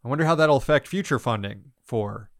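A male podcast host with a smooth, clear voice who runs through news items in blunt, sarcastic commentary. He laughs often and swears freely. The sound is dry and close. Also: medium pitch, expressive, fairly quick, no echo.

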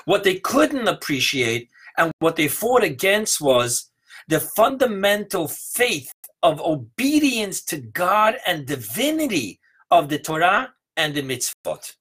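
A man's voice: sits high, sing-song, fairly bright tone, slightly rough. Man giving an emphatic sermon. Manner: teaching, emphatic stresses, slows on key words. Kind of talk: sermon on Hanukkah mysticism.

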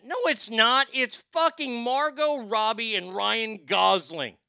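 Profane, ranting high-voiced male host. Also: takes it slowly, creaky, bright, forceful tone, clean tone, no room sound. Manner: profane, heated, sarcastic. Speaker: show host. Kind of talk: ranting commentary.

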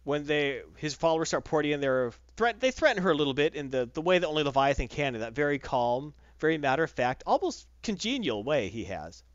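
A man hosting a casual comic book recap, retelling the plot with animated delivery and quick character voices. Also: a little high, no echo. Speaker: podcast host reviewing comics. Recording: dull lo-fi dry recording.

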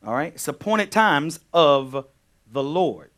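A male pastor teaching a sermon, animated, repeating key phrases and firing questions at his congregation. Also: fairly high pitch, takes it slowly.

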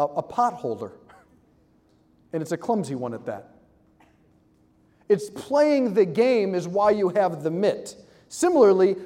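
A man giving an animated, joking talk to a live audience, acting out quick voices. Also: sits high, in a large hall. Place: large hall with audience.

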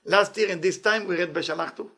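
A man giving a weekly inspirational Torah talk as a teacher, animated and playful, in non-native English phrasing. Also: sits high, fast.

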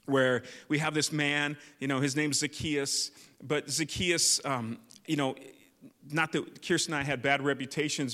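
Animated preaching man in a reverberant hall. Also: a little high. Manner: animated storyteller, many fillers. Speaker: youth pastor. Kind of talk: sermon with personal story. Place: church hall. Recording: long church reverb.

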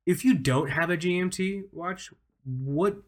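A man's voice: high-pitched, a little slow. A man in his thirties co-hosting a casual podcast, rambling enthusiastically with lots of fillers. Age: 30s. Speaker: podcast co-host.

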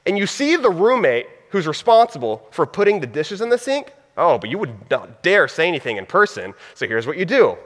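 A high-pitched man gives a casual, story-driven sermon. He acts out everyday moments in quick quoted voices, and his words ring out with a long hall reverb. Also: very animated, fairly bright tone. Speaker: pastor.

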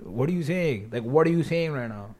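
A man's voice: mid-range voice, expressive, fairly quick, darkish tone. A young man with a Toronto accent, a podcast guest chatting casually, brash and full of slang. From Toronto, Canada. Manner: brash, heavy on slang, ends lines with "bro". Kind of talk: casual chat.

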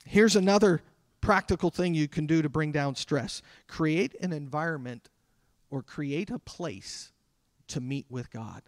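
A man delivering a sermon as a pastor, talking conversationally with dramatic pauses. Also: on the high side, no echo, studio quality. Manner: conversational preaching with dramatic pauses and acted quotes.

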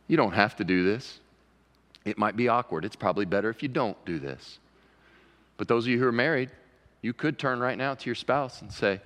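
A man's voice: on the low side, fairly quick, a bit bright. A man preaching a conversational sermon as pastor, rising to emphatic pleading. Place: church sanctuary. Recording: long reverb of a church sanctuary.

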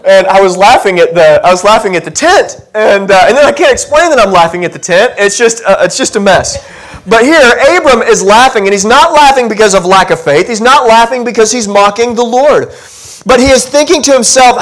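Guy preaching in church, kinda high voice, chatty and jokey about himself, keeps asking the room stuff. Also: expressive, fairly quick, fairly bright tone. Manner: chatty, self-deprecating, asks the congregation questions. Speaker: pastor. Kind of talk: conversational sermon. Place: church sanctuary.

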